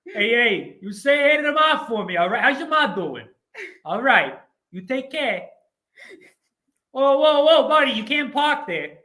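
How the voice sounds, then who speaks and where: A man voicing a brash, streetwise 1940s Brooklyn man with a put-on Brooklyn accent, talking loud and pushy into a laptop mic. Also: extremely high pitch, big pitch swings, a little slow, voice pushed up, exaggerated voice. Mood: gruff, bossy.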